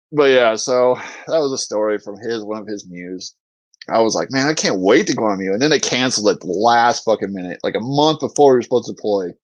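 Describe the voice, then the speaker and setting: A man's voice: medium pitch, dry recording, low-quality recording. A man, a former Marine infantryman, hosting a podcast and telling stories in a casual, profane way, laughing often. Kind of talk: casual storytelling chat.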